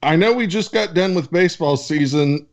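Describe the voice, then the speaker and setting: A man's voice: a little high, moderate pace, dull audio. A man co-hosting a casual podcast, reading listener questions aloud with loose, joking banter and a bit of swearing. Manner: loose, joking, swearing, stumbles over names.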